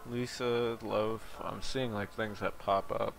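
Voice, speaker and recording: A man's voice: fairly low pitch, little pitch movement, slow, gravelly, faint music behind. A man reacting emotionally to a video game with frequent exclamations as he plays. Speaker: let's play gamer. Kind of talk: gameplay commentary.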